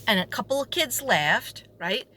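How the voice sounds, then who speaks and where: A woman's voice: on the high side, a little slow. Sarcastic New York woman telling a story. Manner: animated, sarcastic, acts out quoted voices. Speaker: substitute teacher. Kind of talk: storytelling vlog.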